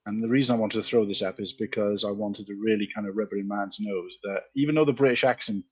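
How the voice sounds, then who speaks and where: A Welsh man hosting a casual online chat show, talking in a loose, rambling way with quick asides. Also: fairly low pitch, fairly even intonation, husky. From Wales. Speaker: podcast host.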